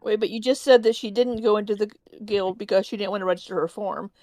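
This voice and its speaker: A woman's voice: medium pitch, quick pace, a little mellow, dry recording. A woman playing in a tabletop game, questioning what another player said.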